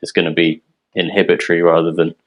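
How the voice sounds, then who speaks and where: A man from a yeast company presenting technical details in a relaxed, explanatory way, with frequent ums. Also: low-pitched, quick pace, poor audio. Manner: explanatory, filler-heavy, relaxed.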